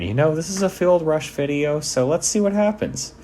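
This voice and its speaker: A man's voice: on the high side, normal speed, hardly any pauses, a little mellow, a little hiss or hum. A man giving casual, joking commentary over game footage, laid-back and swearing freely. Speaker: sports video commentator.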